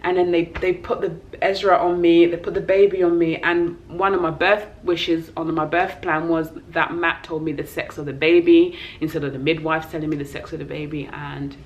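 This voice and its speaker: Over a muffled recording, a young woman with a London accent from England speaks at a normal pace with few pauses, her low voice showing little pitch movement. The vlogger recounts an emotional personal story tearfully and from the heart, voicing the characters as she goes.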